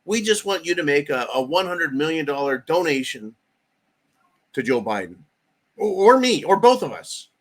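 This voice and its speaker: A man mocking a smug official on a shakedown call, talking fast and wheedling and heaping on denials. The voice sits a touch high for a man. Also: big pitch swings. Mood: wheedling mockery. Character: smug male government official caricature, shakedown caller.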